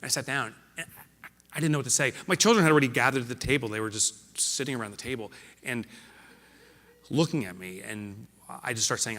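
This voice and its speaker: Keynote speaker, man, middle-aged, bright voice, big reverberant hall, swings from loud to hushed. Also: mid-range voice, fairly quick, pauses often. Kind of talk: motivational stage speech. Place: large hall before a live audience.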